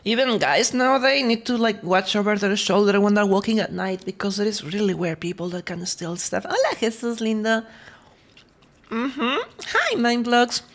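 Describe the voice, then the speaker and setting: A woman's voice: mid-range voice, lively intonation, normal speed. A woman streamer in casual livestream chat, talking while eating, laughing often and greeting her chat between stories.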